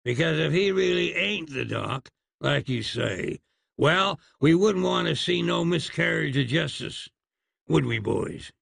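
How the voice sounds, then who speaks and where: A man's voice: fairly high pitch, expressive, measured pace, creaky, fairly bright tone, no echo, pitched above the performer's own voice, heavily acted. A man voicing a sly, scheming middle-aged frontier cowboy who talks in a folksy drawl.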